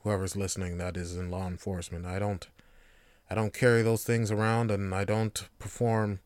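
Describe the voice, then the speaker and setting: A man talks through a casual solo podcast monologue, joking, swearing and laughing often. His pitch moves a lot, and his voice is smooth and resonant. The sound is dry. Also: no room sound. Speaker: podcast host.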